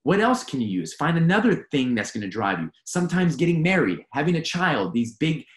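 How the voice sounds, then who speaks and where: Earnest male performance coach, animated delivery, roomy echoey sound. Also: a little high, brisk. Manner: earnest, emphatic, repeats key phrases. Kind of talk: motivational talk. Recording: roomy echo.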